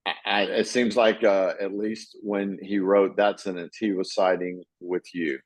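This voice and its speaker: Deep guy rambling about a book, lots of uhs, dry close mic. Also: flat delivery, dry recording, low-quality recording. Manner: halting, many fillers and restarts. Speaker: podcast co-host. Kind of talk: casual book chat with read-aloud passages.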